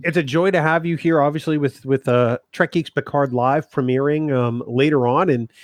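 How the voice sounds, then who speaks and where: A man's voice: fairly high pitch, steady tone, normal speed, no room sound. Teasing man with a dry close sound. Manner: teasing, laughs easily. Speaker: podcast co-host. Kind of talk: casual podcast banter.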